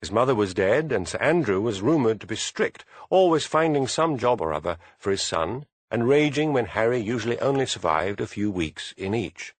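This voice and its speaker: A man narrating an audiobook in a measured storytelling manner. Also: on the low side, animated, no room sound. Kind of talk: scripted narration.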